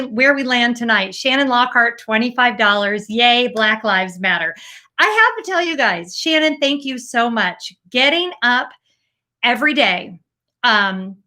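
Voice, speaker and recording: A woman's voice: fairly high pitch, bright, forceful tone. A middle-aged woman hosting a casual live stream, chatty and full of fillers, thanking viewers effusively for their donations. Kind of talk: casual live-stream chat reading super chats.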